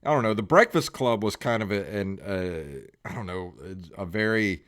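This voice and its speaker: A man's voice: on the low side, expressive, moderate pace, fairly bright tone, clean tone. A man in casual podcast chat, talking enthusiastically about his favorites.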